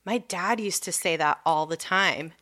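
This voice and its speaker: A woman's voice: lowish voice, unhurried, sharp tone. A woman in her thirties chatting casually, telling a rambling story full of fillers. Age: 30s. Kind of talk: casual chat.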